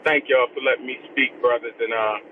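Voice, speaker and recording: A male caller speaking earnestly from the road, pausing often with ums. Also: mid-range voice, steady tone, far from the mic. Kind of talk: calling in from the road. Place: in a vehicle on the road. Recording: tinny noisy phone line from a car.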